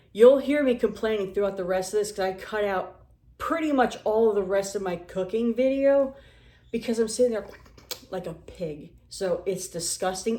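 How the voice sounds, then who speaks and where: A young woman telling stories from her life in a lively, casual way, acting out the people she quotes and swearing freely. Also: fairly high pitch, far from the mic. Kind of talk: casual storytelling. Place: home kitchen. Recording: echoey room.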